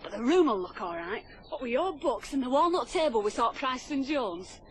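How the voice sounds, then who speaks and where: A woman's voice: high-pitched, lively intonation, a little fast, a little hiss or hum. An actress playing a fiery, devoted young working-class woman with a Lancashire accent in a stage-style radio drama. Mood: hopeful. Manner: earnest, emotional.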